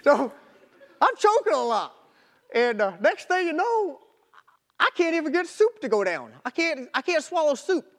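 Brief: young man, very high voice, folksy animated storyteller, casual grammar. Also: moderate pace. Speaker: marathon runner telling his story. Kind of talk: storytelling talk.

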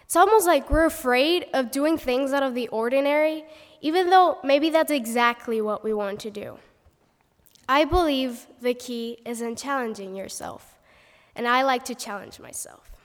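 A young woman gives a prepared speech as a theater student, with a lively, theatrical delivery. Her voice sits high. A long hall reverb trails every phrase. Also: normal speed. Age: young adult.

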